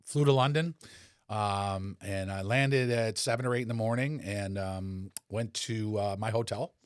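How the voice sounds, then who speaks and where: Relaxed older man telling rock tour stories. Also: lowish voice, measured pace, clean tone, no echo, clean studio sound. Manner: relaxed, rambling anecdotes with frequent fillers. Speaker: podcast guest, former rock bassist. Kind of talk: casual conversational storytelling.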